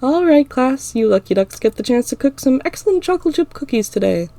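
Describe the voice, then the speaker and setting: A woman's voice: high voice, animated, a little fast, warm tone, no echo, pitched above the performer's own voice. A woman doing a chirpy schoolteacher. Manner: chirpy, addressing a class. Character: upbeat female cooking-class teacher.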